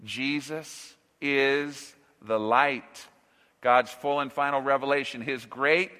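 A man preaching a sermon as pastor, slow and emphatic, with dramatic pauses and rising swells of emphasis. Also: fairly high pitch, sharp tone, long reverb tail.

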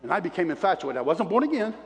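A man preaching his testimony as an animated storyteller, folksy and plain-spoken, calling out to the congregation. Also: high voice, rapid-fire. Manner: animated storyteller with preacher call-outs to the crowd; folksy self-described redneck talk. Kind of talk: sermon testimony. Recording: long reverb of a large hall.

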